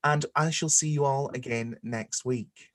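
Young man, podcast host, mid-pitched, joking, self-deprecating. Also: fairly even intonation, a little slow. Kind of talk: casual chat.

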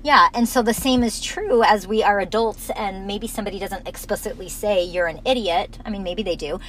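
A woman co-hosting a casual conversation, calmly explaining her ideas and laughing often. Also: medium pitch, normal speed, a little hiss or hum, low-quality recording.

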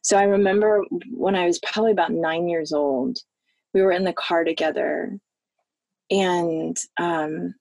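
A woman from the American South, a podcast guest recounting a childhood memory in a halting, heartfelt way. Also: lowish voice, steady tone, gravelly, a little mellow, no room sound. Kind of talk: personal storytelling in a podcast interview.

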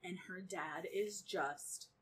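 A woman co-hosting a casual book-club podcast, animated and swearing freely as she chats and laughs. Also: on the low side, takes it slowly, a little hiss or hum. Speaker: podcast co-host.

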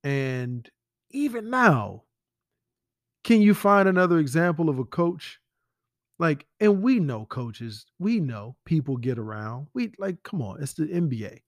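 Blunt, profane man with a slightly high voice. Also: big pitch swings, a little slow, no room sound, studio quality. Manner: blunt, profane, fires rhetorical questions. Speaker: podcast host. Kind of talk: casual commentary monologue.

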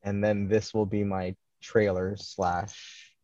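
A man's voice: on the low side, level tone, slow, darkish tone, dry recording, muffled recording. A man hosting a podcast, chatting casually in a laid-back, encouraging way. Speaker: podcast host. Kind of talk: casual chat.

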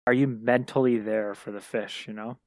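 A man's voice: medium pitch, steady tone, moderate pace, dry recording, clean studio sound. A man co-hosting a podcast, playfully teasing and probing his friend in casual chat. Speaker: podcast co-host.

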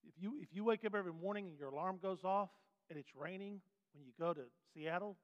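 A man's voice: sits high, fast talker. Folksy man teaching a Bible lesson. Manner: folksy, animated, asks the class questions. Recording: dull sound with long hall reverb.

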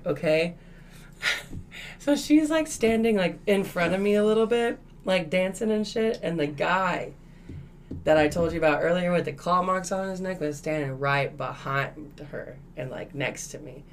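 A woman's voice: deep voice, a little slow, a little hiss or hum. A woman co-hosting a podcast, telling a story in casual chat. She swears a lot and acts out what people said. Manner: profane, animated, acts out quotes. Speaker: podcast co-host. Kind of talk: casual storytelling among friends.

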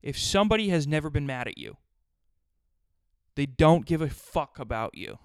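A man's voice: fairly high pitch, animated, moderate pace, smooth, no echo, studio quality. A man hosting his own podcast, riffing crudely and profanely in a rambling solo rant. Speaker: podcast host.

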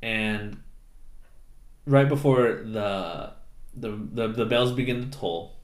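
A man co-hosting a casual podcast, recapping a film with lots of laughter and quick impressions of the characters. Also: fairly low pitch, roomy sound. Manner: laughing, acts out lines in silly voices. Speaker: podcast co-host. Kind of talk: casual movie recap chat.

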